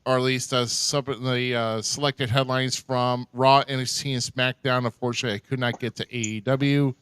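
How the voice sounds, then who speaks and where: Man, podcast host, bright tense tone, smooth clear voice, rambling. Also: mid-range voice, moderate pace, dry recording. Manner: animated, rambling with many fillers. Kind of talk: live podcast chat. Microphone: headphones and desk mic.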